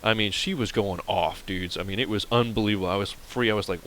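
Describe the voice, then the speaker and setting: A man's voice: fairly low pitch, animated, quick pace, hardly any pauses, fairly bright tone, low-quality recording. A man from Pennsylvania commenting on a game and telling a rambling story to viewers in a casual, chatty way. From Pennsylvania, USA. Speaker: let's play host.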